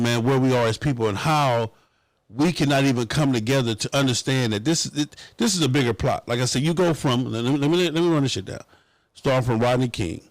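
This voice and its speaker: Southern guy hosting a talk show, cussing and animated, dry close mic. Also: mid-range voice, no room sound. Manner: animated, profane, mock-pleading bits. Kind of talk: casual opinion talk show.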